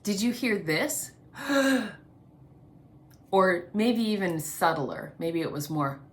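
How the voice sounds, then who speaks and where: Woman giving a gentle singing lesson. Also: fairly low pitch, lively intonation, unhurried. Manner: gently instructive, demonstrates breaths. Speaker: vocal coach.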